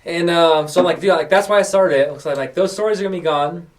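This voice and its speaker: A young man from New Mexico talks casually on his podcast and tells stories, slipping into the voices of the people he quotes. His voice sits a little high. He is a bit far from the microphone. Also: fast. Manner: storytelling, acts out quoted people. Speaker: podcast host. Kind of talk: casual chat.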